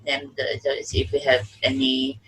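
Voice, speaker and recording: A woman who is a PhD student, speaking English as a with a first tongue in a casual podcast chat, halting and laughing often. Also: a bass voice, monotone, a little hiss or hum, rough recording.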